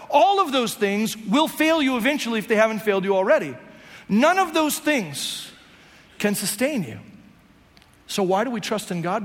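High-voiced preacher in a reverberant hall. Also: male voice. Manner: conversational preaching with playful voiced asides. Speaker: pastor. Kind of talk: sermon.

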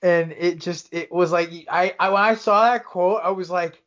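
A man co-hosting a podcast in casual chat, jokey and animated when telling a story. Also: high voice, moderate pace, hardly any pauses. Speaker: podcast co-host. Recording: dull lo-fi podcast audio.

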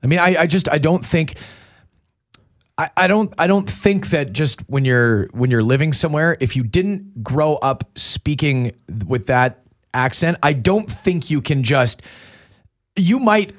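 A man co-hosting a radio show, joking and skeptical in quick asides. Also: a little high, expressive. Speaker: radio co-host. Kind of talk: casual talk radio banter.

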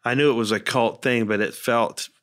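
A man's voice: medium pitch, steady tone, normal speed. A man co-hosting a podcast, speaking in a hesitant, reflective way in casual chat. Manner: soft-spoken, hesitant, reflective. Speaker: podcast co-host.

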